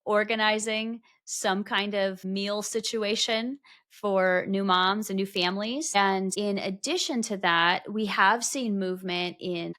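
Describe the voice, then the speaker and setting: A woman's voice: mid-range voice, fairly bright tone. A woman hosting a podcast interview, talking thoughtfully and rephrasing her long questions as she goes. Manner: thoughtful, self-correcting, asks long questions. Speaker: podcast host. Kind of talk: casual interview chat.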